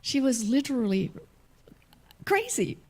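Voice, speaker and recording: A woman's voice: high-pitched, sing-song, unhurried, darkish tone. A woman minister from Germany, giving a sermon. She tells a personal story, laughs often and restarts her sentences.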